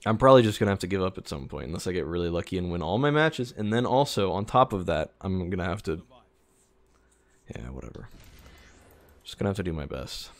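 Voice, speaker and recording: A young man streaming a shooter game, grumbling sarcastically at teammates and bursting into frustrated shouts. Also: low voice, big pitch swings, fast talker. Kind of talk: live gameplay commentary.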